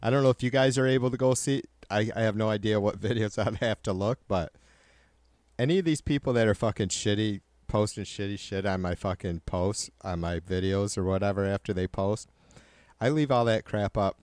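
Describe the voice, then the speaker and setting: A man's voice: lowish voice, fairly quick, a little mellow, no echo. A man hosting a livestream in casual chat, swearing constantly and ranting heatedly to his viewers. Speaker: livestream host.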